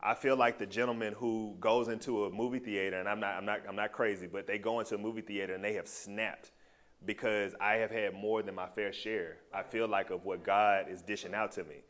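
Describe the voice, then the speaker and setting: A man sharing a personal testimony with a small group, telling his story in a loose, animated and heartfelt way. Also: on the low side, a little fast.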